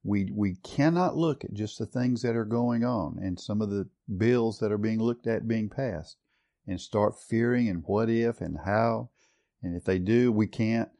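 A man's voice: on the low side, a little slow, warm tone. A man preaching a sermon earnestly, building to strong stress on key words. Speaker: pastor.

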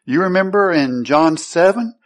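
A man's voice: on the high side, animated, normal speed. A man preaching a sermon who teaches through scripture, reading verses aloud and then asking his listeners questions he answers himself. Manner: asks the congregation rhetorical questions and answers them.

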